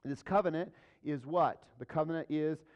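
A man delivering a sermon in a fairly high voice, teaching in a casual way and asking the congregation question after question. The recording sounds dull and lo-fi. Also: moderate pace. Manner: conversational preaching with rhetorical questions. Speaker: pastor.

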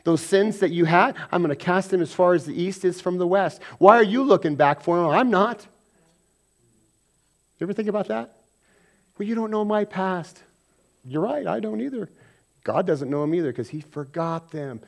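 Conversational preacher, man, slightly high voice. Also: expressive, vocal fry. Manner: conversational preaching, swings between loud emphasis and quiet asides; acts out everyday quarrels in quick mock voices. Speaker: pastor. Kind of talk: sermon.

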